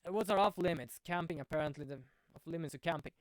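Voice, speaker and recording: A man voicing a gruff, plain-spoken male police detective. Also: a little high, quick pace, no echo, clean studio sound, natural voice. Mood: blunt.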